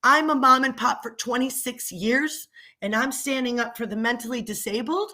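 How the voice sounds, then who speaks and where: A woman's voice: fairly high pitch, normal speed, sharp tone. A middle-aged woman delivering an angry, sarcastic rant as a local commentator in a vlog. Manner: indignant, sarcastic, ranting. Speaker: local commentator and small business owner.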